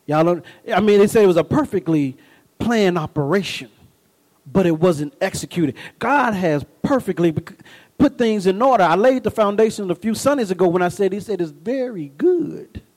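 At a moderate pace and on a low-quality recording, a high-voiced middle-aged pastor preaches a sermon. He moves from homespun stories and call-and-response moments into emphatic, rising bursts, talking to the congregation in a lively, personal way.

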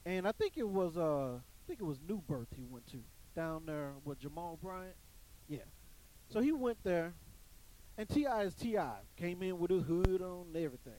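A man's voice: sits high, animated, normal speed, mellow, rough recording. A man telling a story to an audience in an emphatic, preachy way, often repeating his phrases. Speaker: commentator on church life.

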